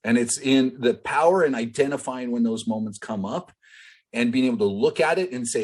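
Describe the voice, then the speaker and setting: Man, business coach, husky voice, mid pitch, casual rambling teaching on a video call. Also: normal speed. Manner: conversational, filler-heavy, addresses the group directly.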